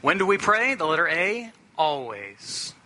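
A middle-aged male pastor preaching a sermon in an earnest, plainspoken way, slowing down to stress key phrases. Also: a little high, very animated, bright, forceful tone.

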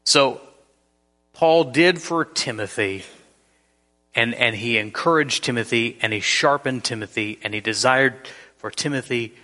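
A man's voice: medium pitch, measured pace, pushed and bright, big-room sound. A man preaching a sermon as pastor, earnest and emphatic, telling the story with frequent repeats.

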